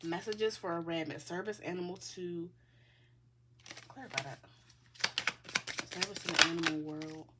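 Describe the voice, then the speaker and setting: A woman's voice: on the low side, fairly bright tone, a little hiss or hum. A woman giving a tarot reading in a casual, chatty way. She speaks bluntly, swears freely and keeps addressing her listeners as the collective. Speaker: tarot reader.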